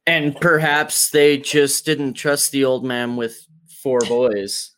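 A man co-hosting a casual podcast chat. He answers slowly and hesitantly, pausing on ums and uhs while he searches for words. His voice sits at an everyday middle pitch. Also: fairly even intonation, fairly bright tone, clean tone. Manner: hesitant, halting, many fillers. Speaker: podcast co-host.

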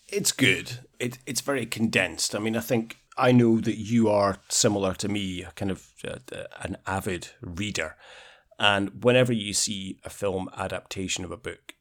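A man's voice: on the low side, a bit bright. A man co-hosting a podcast, reviewing a film in casual, hesitant talk full of stammered restarts. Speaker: podcast co-host.

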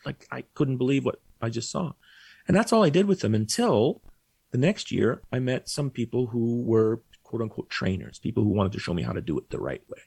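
Man, podcast guest, telling a lively story in a gravelly voice and acting out quotes. Dry close sound. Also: medium pitch, no room sound. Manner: animated, acts out quoted voices. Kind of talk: casual storytelling.

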